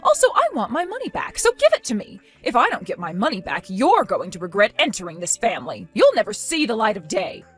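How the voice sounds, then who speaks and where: A woman's voice: on the high side, wildly swooping pitch, brisk, hardly any pauses, slightly rough, faint music behind, full character voice. A woman voicing a harsh, accusing middle-aged mother-in-law in a text-story drama, cutting and contemptuous.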